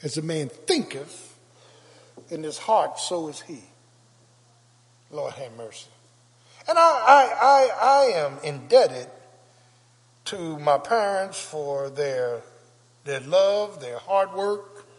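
An older male pastor preaching a sermon with call-and-response, building to shouts. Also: a little high, sing-song, slow, long pauses. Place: church sanctuary. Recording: long church reverb.

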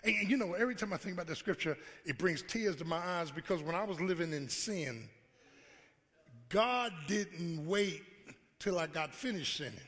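A pastor preaching a call-and-response sermon, acting out God's voice and rising to shouts. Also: male voice, high voice, lively intonation, moderate pace. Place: church sanctuary. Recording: live church hall with long reverb.

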